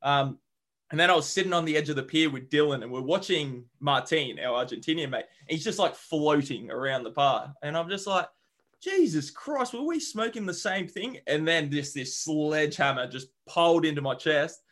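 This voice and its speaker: Animated storytelling young man, swearing freely. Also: a little high, a little fast. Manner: lively, swears freely, acts out quotes. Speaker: podcast guest, travel author. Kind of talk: casual storytelling.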